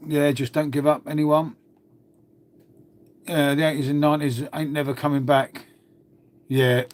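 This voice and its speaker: This middle-aged man's voice is a little high and fairly flat in pitch, and he takes his time. Tidying up, he rambles in a laid-back way to stream viewers, calling everyone mate and musing aloud. A slight hiss or hum is audible.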